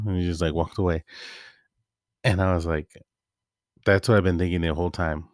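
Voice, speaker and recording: A man's voice: low voice, little pitch movement, a little fast, long pauses, darkish tone, no echo, clean studio sound. A man hosting a solo podcast, talking in a loose, rambling, offhand way. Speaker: podcast host. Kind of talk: casual solo monologue.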